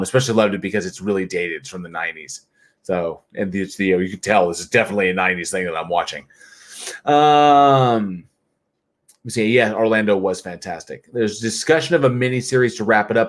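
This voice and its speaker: A tired man hosting a casual livestream, reading out viewer comments in a chatty, jokey way and often laughing. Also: lowish voice. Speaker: livestream host.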